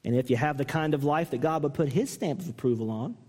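A male pastor preaching with earnest emphasis and a fairly high voice. He presses the congregation with pointed questions and lets his pitch climb when he mimics a harsh reading. The sound carries a long reverb, as in a church hall. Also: fast, a little mellow, slightly rough. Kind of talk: sermon.

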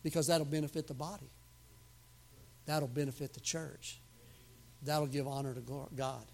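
Pastor, male, high-pitched, emphatic sermon delivery that swings from quiet asides to loud outbursts. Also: fairly even intonation, moderate pace, gravelly, a little hiss or hum. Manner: emphatic preaching with sudden loud outbursts and humor.

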